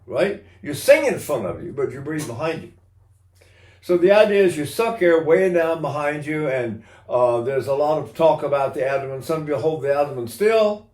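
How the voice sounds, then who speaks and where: An older man with a fairly high, slightly mellow voice gives a singing lesson, explaining technique animatedly. He breaks into short sung vowels and laughs to demonstrate, and the recording has a roomy echo.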